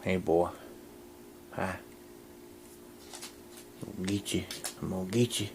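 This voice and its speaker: Deep gravelly man vlogging. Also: level tone, a little slow, background noise. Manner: talks to his dogs in a coaxing voice, drops to a hush indoors. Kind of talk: casual vlog narration to camera. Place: house indoors, then backyard outdoors. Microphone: handheld camcorder mic.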